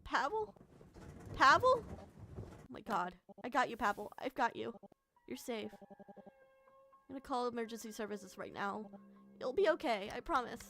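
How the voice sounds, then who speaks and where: A woman's voice: fairly high pitch, lively intonation, moderate pace, gravelly, pauses often, faint music behind. Emotional woman streamer reading a game aloud. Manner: emotional, reacts aloud and swears. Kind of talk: reading a visual novel aloud with commentary.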